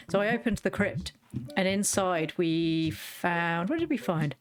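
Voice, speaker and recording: A woman's voice: fairly low pitch, expressive, normal speed, soft background music. Chatty woman streaming a game. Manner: rambling, chatty, self-interrupting, playful asides. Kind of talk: casual gameplay chat.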